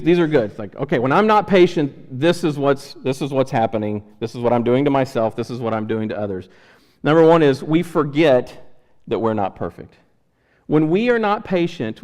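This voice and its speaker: Conversational preacher in a reverberant church. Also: male voice, on the high side. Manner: conversational, animated, acts out little voices. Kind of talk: sermon. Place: church sanctuary. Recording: church hall with long reverb.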